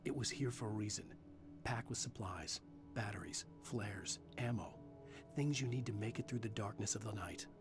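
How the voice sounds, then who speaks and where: A man voicing a tense male novelist narrating a video game in a measured, brooding manner, heard over loud game music. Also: lowish voice, natural voice.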